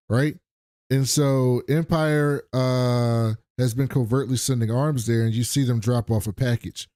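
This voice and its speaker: A man's voice: medium pitch, dark tone, no room sound, clean studio sound. Slangy man casually recapping an episode. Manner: slangy, profane, acts out characters' lines in quick voices. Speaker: podcast co-host recapping a TV episode.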